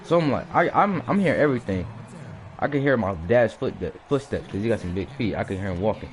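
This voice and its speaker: Animated man telling a story. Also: mid-range voice, brisk, slight background noise. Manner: animated, repeats and restarts, acts out hits with sound words. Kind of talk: casual personal storytelling.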